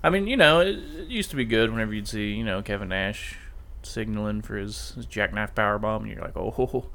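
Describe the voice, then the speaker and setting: A man's voice: on the low side, brisk, pushed and bright. A man co-hosting a casual chat, rambling and breaking off mid-sentence to mimic what people said. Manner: rambling, self-interrupting, mock-quoting people. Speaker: podcast co-host. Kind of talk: casual chat about wrestling.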